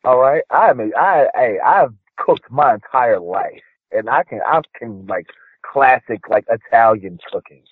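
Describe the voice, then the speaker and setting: A man co-hosting a casual interview, protesting loudly and animated. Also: mid-range voice, unhurried, slightly rough, no room sound. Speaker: co-host. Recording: phone-like tinny line.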